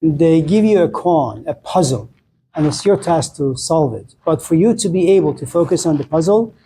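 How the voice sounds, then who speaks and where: A man's voice: on the high side, expressive, moderate pace, dark tone, a little hiss or hum, low-quality recording. A man giving a philosophy lecture to a class, talking conversationally and often checking in with "okay?". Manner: conversational, frequent "okay?" check-ins, acted quotes.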